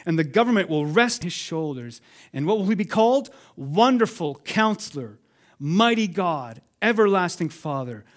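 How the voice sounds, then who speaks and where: A man preaching a sermon as pastor, swinging between loud emphatic lines and hushed ones, calling on the congregation to respond. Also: on the high side.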